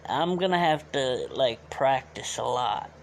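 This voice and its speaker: A man chats slowly and loosely with his live-stream viewers, asking them to rate his act. His throat is sore from straining it. A faint hiss sits under the recording. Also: mid-range voice, expressive. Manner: loose and chatty, asks viewers to rate him. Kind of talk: casual chat with stream viewers.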